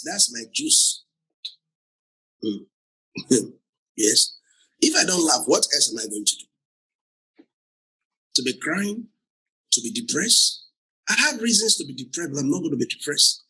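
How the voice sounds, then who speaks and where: A man's voice: fairly high pitch, very animated, measured pace, pauses often, bright, forceful tone, husky, poor audio. A man preaching a sermon who laughs often and repeats phrases for emphasis, with a Nigerian accent. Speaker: pastor.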